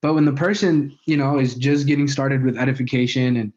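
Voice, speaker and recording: In this casual spoken training talk, a male sales communication trainer speaks at a slightly fast pace in a steady, mid-range, somewhat mellow voice. His talk on persuasive speaking is loose, full of fillers and frequent "right?" checks, captured on a dull, lo-fi recording.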